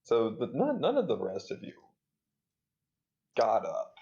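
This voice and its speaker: A gravelly, low-voiced man narrates a tabletop game as game master, and his pitch moves a lot. He sounds relaxed and laughs easily. The mic sounds dull and lo-fi. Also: a little slow.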